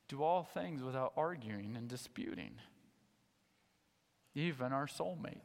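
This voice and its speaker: A man preaching a sermon to a church congregation, animated, swinging between loud emphatic points and low, quiet asides. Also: a little slow, creaky, pauses often, long reverb tail. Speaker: pastor. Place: church sanctuary.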